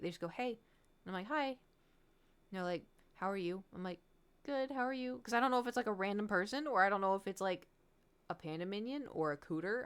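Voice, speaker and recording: A young woman chatting casually on stream from her home, her voice smooth and clear. She tells her stories with animation, acting out the lines of the people in them with giggles and nervous self-awareness. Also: mid-range voice. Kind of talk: casual chat to stream viewers.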